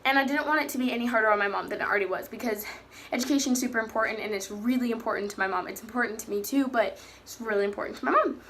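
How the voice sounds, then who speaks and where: A woman's voice: on the high side, very fast, fairly bright tone, slight background noise. A teenage girl in casual personal talk about her faith, chatty and rambling, often correcting herself mid-sentence. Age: teens. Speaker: faith vlogger.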